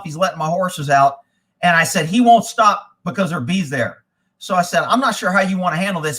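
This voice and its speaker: A man spins a profane story on a live show, his voice high and bright. He swears freely and acts out the people he quotes. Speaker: host. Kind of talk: casual live-stream storytelling.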